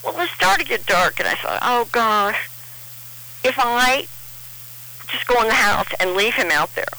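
A middle-aged woman tells a personal story. She rambles and restarts her sentences, and the telling is emotional. Her voice is bright and her pitch swings widely. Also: animated, unhurried, rough recording.

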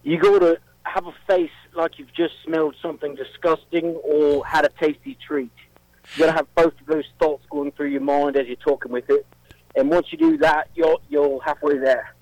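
A caller putting on a joking Cockney-style pub regular with an exaggerated mock British accent, speaking a touch higher than most men. The sound is dry and close, over a phone line. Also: male voice, normal speed, no echo. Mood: cheeky.

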